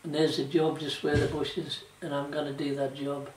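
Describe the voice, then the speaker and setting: In this oral history reminiscence, a former shipwright from South Shields, England, an older man with a Geordie accent, tells meandering tales of his work in everyday dialect, often saying "like" and "you know." His fairly high, darkish voice barely moves in pitch at a moderate pace, heard distantly and off-mic in an echoey room with a little hiss or hum.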